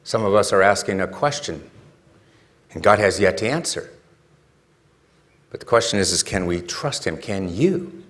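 Conversational male preacher, low voice. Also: lively intonation, normal speed, pauses often. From California. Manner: conversational, rhetorical questions, builds to emphatic peaks. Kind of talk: sermon.

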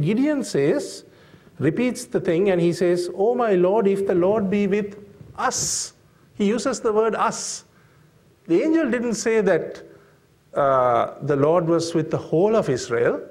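A man preaching a sermon, slow and deliberate, with frequent fillers and emphatic rhetorical questions to the congregation. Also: high voice, a little mellow.

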